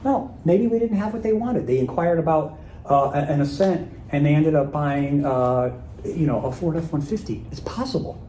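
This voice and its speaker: A sales trainer with a slightly high, warm voice speaks at a moderate pace in a live workshop, chatting casually and acting out sample voicemails and emails. The recording is rough and roomy, with a little hiss or hum.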